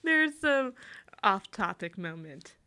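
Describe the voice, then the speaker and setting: Giggly bright-voiced woman co-host. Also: medium pitch, slow. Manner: giggly, animated storyteller. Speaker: podcast co-host. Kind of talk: casual chat.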